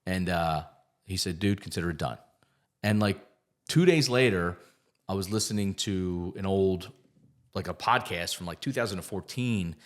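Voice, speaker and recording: A low-pitched man speaks as a guest on a podcast. His delivery is loose and conversational, full of filler words and casual cursing as he tells personal stories. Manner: candid storytelling, many "like" fillers, casual swearing.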